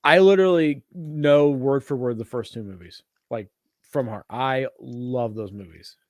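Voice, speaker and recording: A man's voice: medium pitch, unhurried, darkish tone, no room sound, clean studio sound. A man co-hosting a casual chat, crude and joking, often slipping into silly voices. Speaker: podcast co-host.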